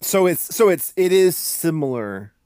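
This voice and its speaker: A man's voice: a little high, big pitch swings, a little slow, a little mellow, clean tone, no echo, studio quality. A male podcast host asking curious, rambling questions in casual chat.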